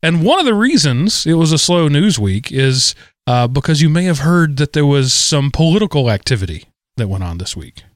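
A man's voice: fairly high pitch, sing-song, normal speed, no echo, studio quality. A middle-aged man co-hosting a podcast, telling stories in a rambling way and often correcting himself mid-sentence. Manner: rambling, self-correcting storyteller. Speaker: podcast co-host. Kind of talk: casual chat.

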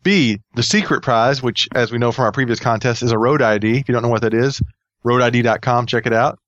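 A man's voice: medium pitch, fast, a bit bright, no room sound, muffled recording. A man hosting a casual podcast, rambling and joking with many fillers. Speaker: podcast host.

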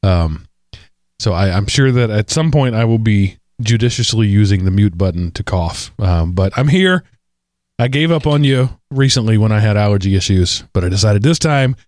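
A man hosting a podcast in a casual chat, congested and hoarse from allergies, tired but joking along. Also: on the low side, lively intonation, brisk, a little mellow, no room sound, clean studio sound. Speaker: podcast host.

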